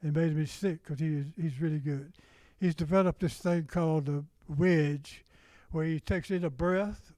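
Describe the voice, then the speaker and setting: A man's voice: fairly high pitch, steady tone, normal speed, hardly any pauses, darkish tone, dry recording, rough recording. An older man with a Southern US accent, a music teacher rambling informally to fellow educators and singing rhythm syllables to demonstrate.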